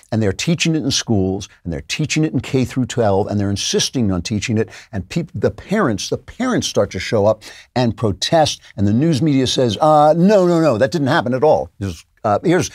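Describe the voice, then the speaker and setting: A man with a fairly low, slightly mellow voice hosts a political commentary show, recorded at studio quality with no room sound. His opinionated monologue is sarcastic and incredulous, and he laughs at the clips.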